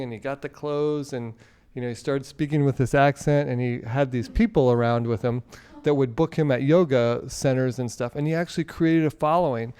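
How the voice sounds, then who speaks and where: A man's voice: mid-range voice, clear, resonant tone. A young man in casual chat, eagerly retelling a film with lots of fillers. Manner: animated storyteller, filler-heavy. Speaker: group participant. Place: online video call.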